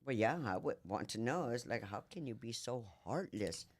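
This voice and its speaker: A woman's voice: very deep voice, expressive, moderate pace, no echo. A woman co-hosting a casual live stream, mostly giving short, conversational agreeing replies.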